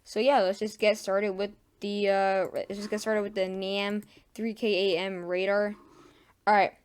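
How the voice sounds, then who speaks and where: A woman casually giving a homemade weather forecast, halting often with fillers and correcting herself mid-sentence. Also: mid-range voice, level tone, clear, resonant tone. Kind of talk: casual weather forecast over radar maps.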